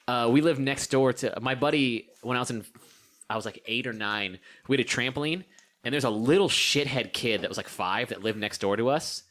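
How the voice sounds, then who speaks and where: A young man telling a story on a casual podcast, laughing often and acting out voices. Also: medium pitch. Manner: animated, laughing, acts out voices in stories. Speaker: podcast co-host.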